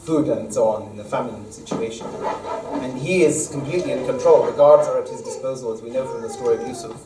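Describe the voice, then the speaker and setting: A man, an imam, leading a Quran study lesson, explaining verses at length and reciting Arabic quickly, recorded in an echoey mosque hall from a distance. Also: medium pitch, a crowd in the background. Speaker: imam teaching a study circle. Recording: echoey room, mic far off.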